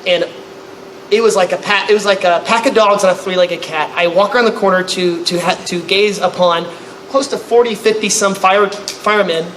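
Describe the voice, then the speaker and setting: A man telling a comic story to a live convention audience, acting out other people with loud, high-pitched outbursts. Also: fairly even intonation, moderate pace. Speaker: convention panelist. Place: convention panel room. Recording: echoey room, faint noise.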